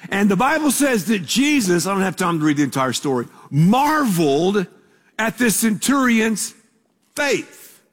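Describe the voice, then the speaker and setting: A man's voice: high-pitched, big pitch swings, unhurried, a bit bright. A man preaching a sermon as pastor, conversational and emphatic, asking the congregation to repeat words with him. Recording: long reverb of a large hall.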